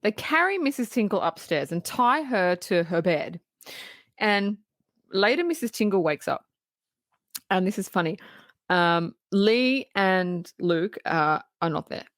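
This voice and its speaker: A woman's voice: mid-range voice, measured pace, dry recording. Dry, laughing podcast woman. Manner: lively scene-by-scene recap, laughs often, swears casually. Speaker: podcast co-host. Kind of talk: casual film-review chat.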